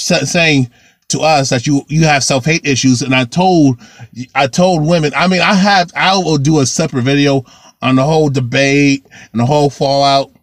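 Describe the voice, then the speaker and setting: A man's voice: medium pitch, no echo, studio quality. Man on a heated, repetitive rant. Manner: heated, repetitive, circles back and restarts. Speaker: vlogger. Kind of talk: ranting monologue to camera.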